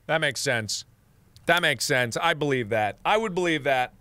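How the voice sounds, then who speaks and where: A man in his twenties commentating as he plays a game, swearing in frustration and repeating phrases over and over, swinging from muttering under his breath to loud yelling. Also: fairly high pitch, expressive, normal speed, dry recording. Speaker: gaming video host. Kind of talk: let's play commentary.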